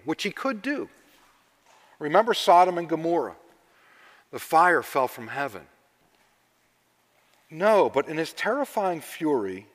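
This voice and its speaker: Man preaching, storytelling sermon, loud-to-hushed swings, fairly high voice, echoing hall. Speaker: pastor. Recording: long reverb of a large hall.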